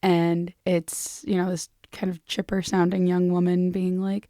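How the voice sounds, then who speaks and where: A woman co-hosting a podcast, recapping a novel in casual chat and lively acting out the characters' lines. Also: lowish voice, normal speed, hardly any pauses, no room sound, studio quality. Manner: animated storytelling, acts out characters' lines, swears, laughs. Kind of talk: casual book-club chat.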